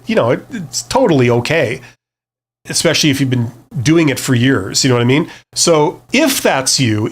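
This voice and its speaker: Middle-aged guy doing a casual live stream q&a, rambly, lots of um and you know, pokes fun at himself. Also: medium pitch. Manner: rambling, conversational, lots of fillers, self-deprecating. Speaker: career advice livestream host.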